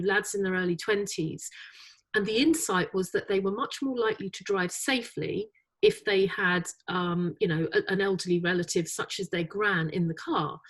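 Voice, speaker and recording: A middle-aged woman chairing an advertising awards jury, answering interview questions in a lively, chatty way with many fillers. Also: mid-range voice. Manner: animated, many fillers, laughs easily.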